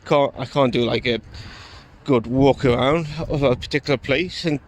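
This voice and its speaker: A man vlogging outdoors on a phone in wind and rain, rambling with many fillers and pauses. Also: medium pitch. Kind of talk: casual vlog chat. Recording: heavy wind noise on phone mic.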